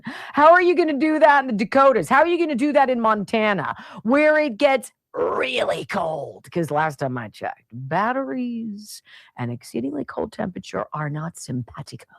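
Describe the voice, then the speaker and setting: A woman's voice: medium pitch, no room sound, studio quality. Sarcastic woman ranting on talk radio. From Pennsylvania, United States. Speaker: radio show host.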